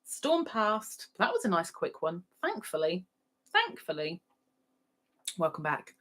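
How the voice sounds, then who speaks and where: A woman's voice: lowish voice, huge pitch swings, unhurried, a bit bright. A middle-aged woman hosting a livestream, casually chatting and reading out viewer comments with giggles. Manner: chatty, giggly, sings playfully. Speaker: livestream host.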